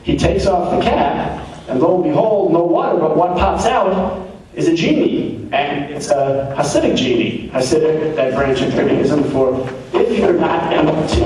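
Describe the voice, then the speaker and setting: A man's voice: mid-range voice, warm tone. A man working as emcee at a live comedy show, telling a joke in a rambling way, repeating words as he goes. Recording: echoey live room, mic at a distance, faint noise.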